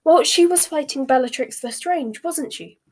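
A woman's voice: sits high, moderate pace, pitched above the performer's own voice, natural voice. A woman voicing an earnest, indignant, clever teenage girl witch.

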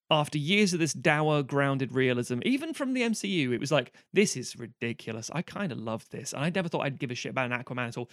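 A man, co-hosting a casual film chat, animated and swearing freely. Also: medium pitch, dry recording, clean studio sound. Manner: animated, swears freely, mock-quotes characters. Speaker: podcast co-host.

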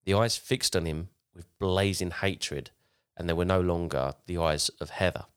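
A man's voice: deep voice, fairly even intonation, moderate pace, clear, resonant tone. A man hosting a podcast, telling a story casually, rambling along with frequent restarts. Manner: rambling, with frequent restarts while retelling a tale.

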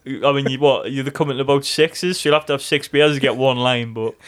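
A man's voice: mid-range voice, steady tone, fairly quick. A man co-hosting a podcast, chatting in rambling, sweary banter and laughing often. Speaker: podcast co-host. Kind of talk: casual chat.

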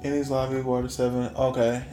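A man's voice: medium pitch, monotone, fairly quick, mellow. A man co-hosting a podcast, chatting casually and eagerly explaining things. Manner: eager explainer, sets up context. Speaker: podcast co-host. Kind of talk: casual chat. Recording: roomy echo with faint music.

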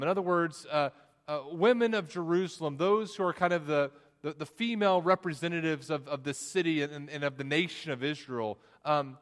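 A man's voice: fairly high pitch, a little fast. Man preaching in a reverberant hall. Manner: expository preaching, restarts and repeated words. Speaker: pastor. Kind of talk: sermon.

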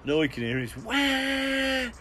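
A middle-aged man spinning animated anecdotes on a casual podcast, chuckling and restarting as he goes. His pitch sits at an ordinary middle height for a man. A faint hiss runs underneath. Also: unhurried. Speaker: podcast co-host. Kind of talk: casual storytelling.

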